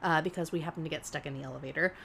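A woman co-hosting a podcast, telling a story in relaxed, chatty talk that she often laughs through. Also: sits low, racing, gravelly, husky. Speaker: podcast co-host. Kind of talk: casual chat.

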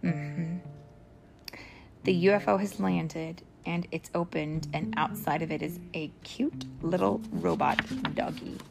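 A woman reading a picture book aloud to a child, playful and animated, stopping often to ask questions about the pictures. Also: lowish voice, slow pace, vocal fry, music in the background. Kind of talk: storybook read-aloud with questions.

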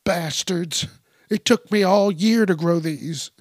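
A shrill, fussy old lady caller in a high, fluttering voice, as a man puts her on. She frets and pleads in a panic. The sound is close and dry. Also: slow, no room sound, heavily acted. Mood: panicky. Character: frantic elderly woman calling police.

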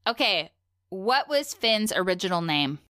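A woman co-hosting a podcast, running a quiz in casual chat. Her voice is bright and forceful with a lively, animated pitch, and she teases and giggles often. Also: unhurried, no room sound, studio quality. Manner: giggly, teasing quizmaster. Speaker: podcast co-host.

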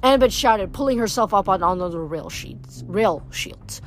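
A woman reading a novel aloud, animated, shouting the characters' lines and sometimes stumbling and restarting. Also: medium pitch, moderate pace, few pauses, faint music behind. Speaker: reader. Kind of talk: amateur book read-aloud.

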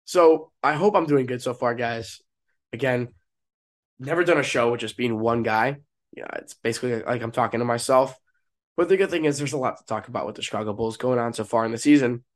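A man's voice: mid-range voice, a little fast. A young man, stuffed up with a cold and a cough, talking alone on his sports podcast in a casual, rambling way that gets hyped at times. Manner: casual, restarts often, rises to hype. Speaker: podcast host. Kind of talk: solo sports podcast talk.

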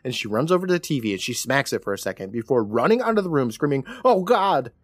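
A man's voice: mid-range voice, sing-song, rapid-fire, no room sound, studio quality. A man co-hosting a podcast, casually recapping a TV episode and acting out the characters' lines in exaggerated voices. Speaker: podcast co-host.

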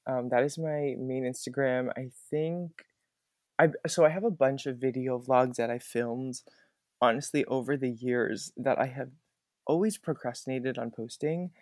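A young man speaking as a podcast guest, his pitch sitting in the ordinary middle range for a man. He tells his stories in an earnest, animated way and keeps saying how grateful he is. The recording is dry and close, with no room sound. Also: unhurried, no echo. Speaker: guest, former theme park puppeteer. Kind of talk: conversational podcast interview.

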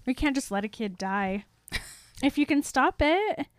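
Brief: young woman, high and unhurried, giggly enthusiastic co-host. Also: big pitch swings, no room sound. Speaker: podcast co-host. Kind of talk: casual book discussion chat.

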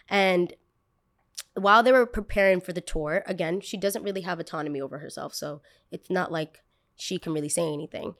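A woman hosting a casual podcast, talking in an animated, chatty way, swearing casually and acting out what other people said. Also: fairly low pitch, a little fast. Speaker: podcast host.

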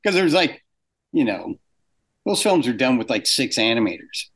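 An older man telling anecdotes in a casual interview, acting out quoted exchanges with animated shifts in pitch. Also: moderate pace. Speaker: guest animator.

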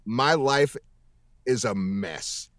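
A man's voice: mid-range voice, very slow, a bit bright. A man in a casual interview, talking emphatically and rambling with heavy swearing, over a video call. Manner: emphatic, profane, rambling with restarts. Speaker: voice actor guest.

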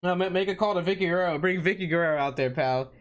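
A man's voice: sits high, quick pace. A man co-hosting a podcast in casual chat, laid-back and jokey, calling his partner "pal". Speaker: podcast co-host.

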